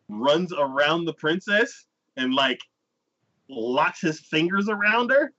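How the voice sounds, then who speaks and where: A man hosting an anime podcast, telling the story in a bright, lively voice that swings widely in pitch and jumps up high whenever he acts out a character. The audio is slightly dull and lo-fi. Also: slow, slight background noise. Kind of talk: casual chat recapping an anime episode.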